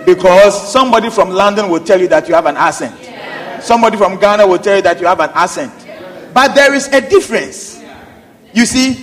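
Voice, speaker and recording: A man's voice: high voice, long reverb tail. A pastor preaching a sermon, drawing out his words with emphasis and chuckling now and then.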